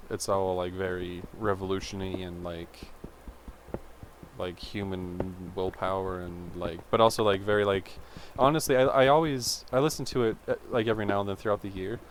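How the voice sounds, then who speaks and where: A young man with a fairly low voice tells a meandering childhood story in a chatty, self-interrupting way, filling it with "like" and side tangents. Faint room ambience sits behind him. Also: fairly even intonation, normal speed, a little hiss or hum. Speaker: vlogger. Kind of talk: rambling personal storytelling.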